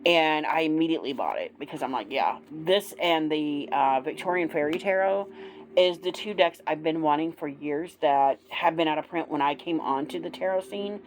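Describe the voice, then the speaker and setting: A woman's voice: sits low, moderate pace, slight background noise, rough recording. A woman chatting casually in a tarot video, gushing and chatty with many fillers and restarts. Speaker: tarot vlogger. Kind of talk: casual show-and-tell.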